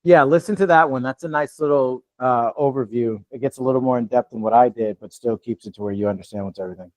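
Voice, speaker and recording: A man's voice: medium pitch, fast, darkish tone, no echo. Casual man in his fifties coaching. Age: 50s. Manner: casual, plain-spoken, keeps checking in with "you know what I'm saying"; talks in a lighter "customer service voice" than his usual one. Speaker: real estate investing coach. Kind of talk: live online training Q&A.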